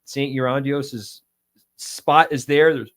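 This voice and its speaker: A man's voice: medium pitch, steady tone, slow pace, fairly bright tone. Thirties american guy telling a story on a podcast, acts out the voices, casual chat. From United States. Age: 30s. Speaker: podcast co-host.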